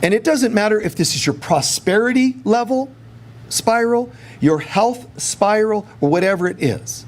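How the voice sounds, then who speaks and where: A man giving a casual spiritual teaching talk, animated and conversational, acting out quoted prayers along the way. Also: high-pitched, normal speed.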